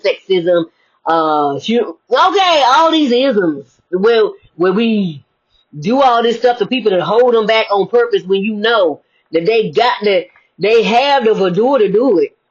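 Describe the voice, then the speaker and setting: Husky woman preaching in a lo-fi recording. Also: medium pitch. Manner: preachy, conversational, asks rhetorical questions. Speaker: motivational speaker. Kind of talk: spiritual sermon-style talk. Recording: dull lo-fi recording.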